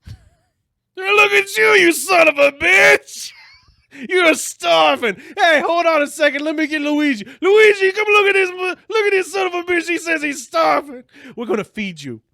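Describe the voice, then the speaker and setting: A man voicing an excitable old-country restaurant owner, shouting boisterously. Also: very high-pitched, normal speed, vocal fry, dry recording, pitched above the performer's own voice, heavily acted.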